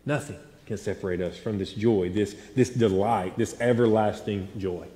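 A man in his thirties preaching a sermon, telling stories with animated swings between loud and hushed delivery. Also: lowish voice, moderate pace. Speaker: pastor. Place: large church sanctuary. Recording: echoey hall with long reverb.

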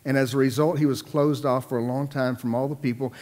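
A man preaching a sermon, repeating words for emphasis and swinging between loud, raised lines and hushed ones. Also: mid-range voice, steady tone, quick pace, long reverb tail. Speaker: pastor.

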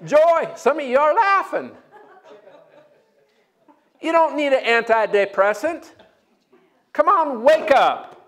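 A man preaching a sermon as pastor, energetic and joking, breaking into loud shouts. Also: extremely high pitch, slow pace, long pauses.

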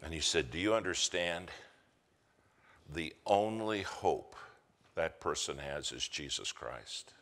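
American male preacher, lively storytelling delivery, slow unhurried pace, ringing church reverb. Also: extremely low pitch. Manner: animated storyteller acting out quoted voices. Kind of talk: storytelling sermon. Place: church sanctuary.

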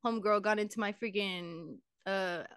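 A woman's voice: medium pitch, moderate pace, clear, resonant tone, dry recording, studio quality. A woman co-hosting a podcast, chatting casually and giggling as she tells stories. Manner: giggly, animated storytelling. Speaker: podcast co-host. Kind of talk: casual chat.

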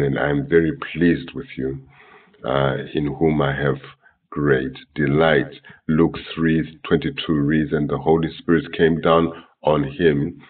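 A man teaching from the Bible, reading verses from different translations in an unhurried, halting way, with many fillers, self-corrections and throat-clearing. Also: rumbling low. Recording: distant, tinny phone-like sound.

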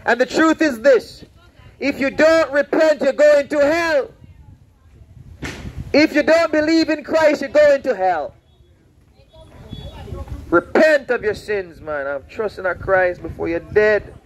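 A man's voice: extremely high pitch, lively intonation, takes it slowly, long pauses, a little hiss or hum, low-quality recording. A man preaching outdoors on a roadside, fervent and repetitive, warning and pleading with passersby. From Saint Vincent. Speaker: street preacher. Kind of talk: open-air preaching.

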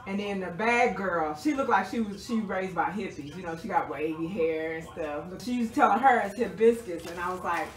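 A woman retelling a story to a friend in a sarcastic, animated, profane way. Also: on the low side, brisk, few pauses, soft background music. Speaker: vlogger. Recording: roomy, distant mic.

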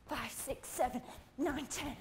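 A woman's voice: sits high, slow, very noisy. A woman leading a workout as fitness instructor, breathless, counting reps and pushing the listener hard, wearing a clip-on mic. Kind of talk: workout coaching.

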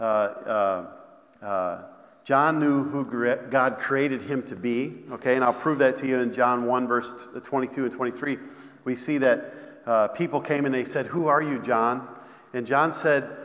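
A man's voice: mid-range voice, a bit bright. A man preaching a sermon, repeating phrases, stumbling over restarts and calling out to the congregation. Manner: repetitive call-and-response preaching, many restarts. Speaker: pastor. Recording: long hall reverb.

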